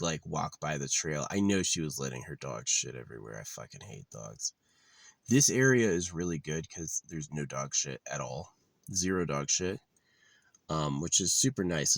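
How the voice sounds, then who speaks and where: Super deep voiced guy rambling, swears a lot, dry wry delivery, no room sound. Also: gravelly, no echo. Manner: profane, blunt, wry. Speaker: vlogger. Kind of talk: casual rambling monologue. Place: living out of his car.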